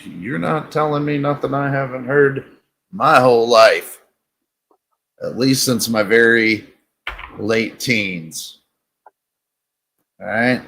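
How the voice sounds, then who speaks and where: A man's voice: mid-range voice, slow, gravelly, pauses often, fairly bright tone. A man hosting a comedy talk show, crude and sarcastic in casual banter. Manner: crude, sarcastic, rambling storyteller. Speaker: show host.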